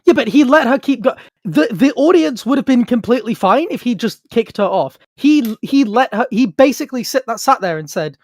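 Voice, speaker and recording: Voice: mid-range voice, expressive, a little fast, hardly any pauses, dry recording, studio quality. A podcast co-host arguing in casual chat, mocking and teasing, chanting taunts. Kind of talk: heated casual debate.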